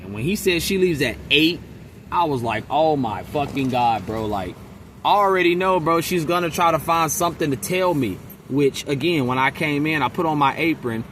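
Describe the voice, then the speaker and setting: A man's voice: a little high, normal speed, fairly bright tone, slight background noise. A man venting in a casual monologue to camera, blunt and profane, mimicking his coworkers. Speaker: vlogger.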